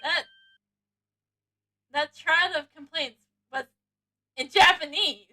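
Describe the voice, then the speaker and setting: A woman's voice: high-pitched, slow, sharp tone, low-quality recording. A woman streamer giving playful, giggly commentary during a live game playthrough.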